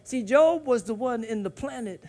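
A man a sermon, pushing the congregation to answer him, swinging from hushed talk to loud shouting. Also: very high voice, lively intonation, moderate pace. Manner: call-and-response preaching, swings from hushed to shouting. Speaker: preacher.

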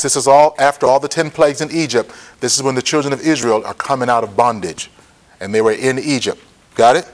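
A man's voice: medium pitch, fairly quick. A man teaching a Bible study, reading verses aloud and explaining them, repeating key points and checking in with his listeners.

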